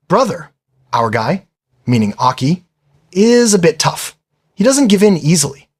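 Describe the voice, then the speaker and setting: A chatty male narrator retelling an anime episode in a casual storytelling way. His voice sits a little high and swings up and down with lots of animation. He talks to the listener like a friend. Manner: chatty, says "brother" and "literally".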